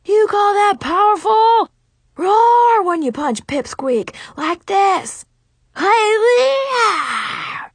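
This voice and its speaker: A woman voicing a boastful, bullying male karate teacher in a storybook reading, shouting and heckling. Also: very high-pitched, animated, takes it slowly, dry recording, voice pushed up, heavily acted. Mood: yelling.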